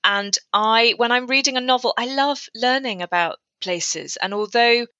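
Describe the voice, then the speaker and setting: A woman's voice: a little high, moderate pace, pushed and bright, dry recording, dull audio. A woman author talking through her writing in a casual interview, thoughtful and prone to restarts. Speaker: author guest. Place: lives in North Wales.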